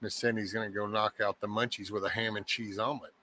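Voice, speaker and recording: A man's voice: lowish voice, flat delivery, fast talker, sharp tone, slight background noise. A man hosting a casual morning chat show who talks in a folksy, meandering, joking way. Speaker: host of a daily live show.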